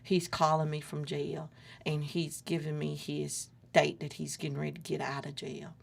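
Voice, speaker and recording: Gravelly-voiced woman telling her story. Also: sits low, moderate pace. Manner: earnest, lively retelling with quoted dialogue. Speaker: interview guest. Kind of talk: casual personal storytelling.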